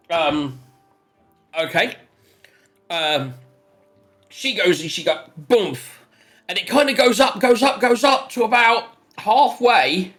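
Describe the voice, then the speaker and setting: A man narrating as game master of a tabletop role-playing game, laughing often and rambling through the scene. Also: on the high side. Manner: lively, giggly, rambling narration.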